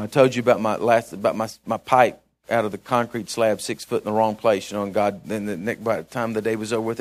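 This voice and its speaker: A man preaching a conversational sermon who reads scripture aloud and checks in with the congregation in short, earnest bursts with frequent restarts. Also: mid-range voice.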